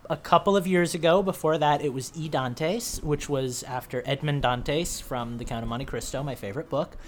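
A woman's voice: low-pitched, moderate pace, a little hiss or hum. A woman co-hosting a casual gaming podcast, chatty and rambling with lots of ums. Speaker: podcast co-host.

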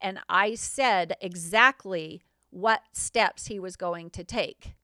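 A woman's voice: mid-range voice, takes it slowly, bright, forceful tone, no echo, studio quality. A middle-aged woman hosting her show, recounting events in an indignant, sarcastic way. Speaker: host. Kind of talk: personal account monologue.

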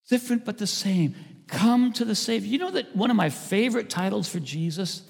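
A man, a pastor, preaching a sermon, swinging between loud emphasis and hushed asides. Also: high voice, fairly quick, creaky, slightly rough. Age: older. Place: church sanctuary. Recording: church hall reverb.

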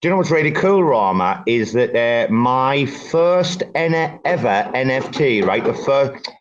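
A man's voice: mid-range voice, expressive, unhurried, dull audio. A man chatting casually on an online voice call, blunt and matey, swearing freely between fillers. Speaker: participant in an online audio chat room. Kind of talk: casual chat.

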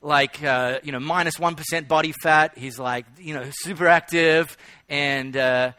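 A man's voice: a little high, fairly even intonation, measured pace, bright, forceful tone, no echo. A man preaching a sermon, telling a story and stressing his key phrases through repetition. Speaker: pastor.

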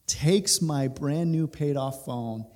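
A man in his thirties, a pastor, telling a personal story during a sermon, animated and laughing through it. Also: on the high side, slow, slight background noise. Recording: reverberant hall.

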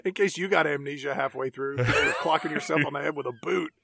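A man's voice: fairly high pitch, quick pace, gravelly, sharp tone. A man co-hosting a comedic podcast, recapping a movie and acting out its characters in silly voices. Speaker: podcast co-host.

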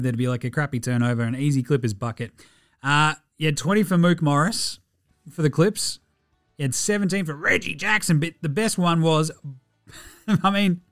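A man's voice: a little high, no echo, studio quality. A man hosting a casual basketball recap podcast, rattling off stats and swearing freely. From Australia. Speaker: podcast host.

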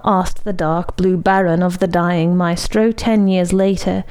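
A woman reading a story aloud in a measured, expressive manner. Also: lowish voice, clean tone. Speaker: story reader.

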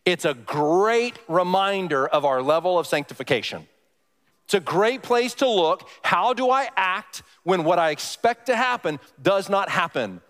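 A man's voice: high-pitched, expressive, unhurried, fairly bright tone. A male pastor giving a conversational sermon, often putting questions to the congregation. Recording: long hall reverb.

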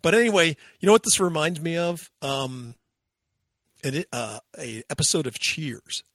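A man hosting a podcast in casual chat, retelling stories in an animated way and acting out bits of voices. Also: fairly high pitch, measured pace, no room sound, studio quality. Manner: animated storyteller, acts out voices. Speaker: podcast host.

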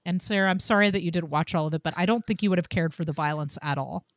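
A woman hosting a casual film podcast, animated and swearing freely, with lots of "like". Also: fairly low pitch, fast talker, dry recording, clean studio sound. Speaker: podcast host.

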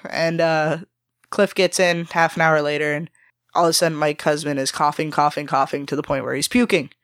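Podcast guest, woman: lively, profane storyteller, dry close recording. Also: deep voice, a little fast, clean tone, dry recording. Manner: animated, swears freely, acts out quotes. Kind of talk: casual storytelling chat.

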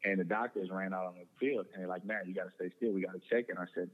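Young male guest, earnest, stumbling restarts, low voice, phone-thin sound with long reverb. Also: fairly even intonation, very fast, phone-quality sound. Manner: earnest, repeats words and restarts often. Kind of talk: personal testimony in conversation.

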